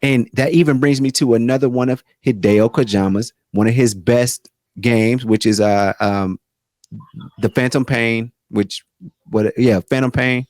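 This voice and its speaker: A man co-hosting a podcast in casual chat, rambling and animated with many restarts. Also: mid-range voice, a little slow, dry recording, studio quality. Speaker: podcast co-host.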